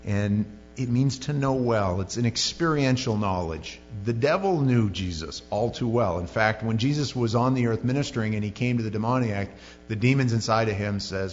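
A man's voice: fairly low pitch, animated, normal speed. A male pastor preaching a sermon in a conversational, joking way with many asides. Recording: lo-fi sermon recording in a reverberant hall with faint music.

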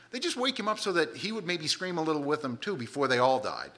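A man's voice: high voice, very animated, fast, sharp tone. A man preaching a sermon, retelling a Bible story with dramatic quoted voices.

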